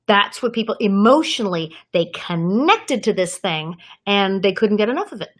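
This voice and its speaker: A woman in her fifties, a guest actress in an interview, telling stories in a lively way and acting out the people she quotes. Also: mid-range voice, moderate pace. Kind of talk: anecdotal interview storytelling.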